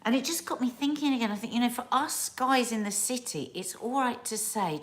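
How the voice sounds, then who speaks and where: A woman's voice: on the high side, fairly quick, hardly any pauses. Chatty woman hosting a live stream. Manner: chatty, rambling, with restarts and asides. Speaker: host of a family live stream. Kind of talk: casual live-stream chat reading viewer comments.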